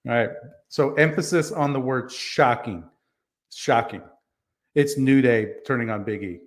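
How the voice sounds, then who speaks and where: A man's voice: medium pitch, moderate pace. A man co-hosting a wrestling podcast, chatting casually and earnestly arguing his picks, with plenty of ums and you-knows. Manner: earnest, makes his case with fillers. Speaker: podcast co-host. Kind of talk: casual chat.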